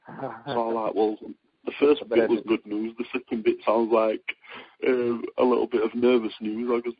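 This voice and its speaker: A young man from Britain speaks in a husky, slightly low voice, rambling through his answers with plenty of ums and restarts. The sound is dull and lo-fi, like an interview heard over a radio line. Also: brisk. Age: young adult. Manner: rambling, many fillers and restarts, excitable when storytelling. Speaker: boxer being interviewed. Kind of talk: casual phone interview.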